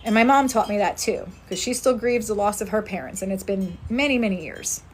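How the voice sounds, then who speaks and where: A woman's voice: medium pitch, fairly quick, a little hiss or hum. A woman who works as a spirit medium, chatting earnestly on a casual outdoor livestream and thanking viewers by name.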